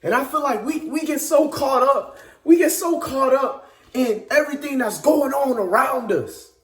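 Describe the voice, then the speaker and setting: A man's voice: very high voice, normal speed, a bit bright, reverberant. A man preaching informally in an earnest, emphatic way, repeating and restarting his phrases as he builds each point. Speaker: speaker giving a devotional message.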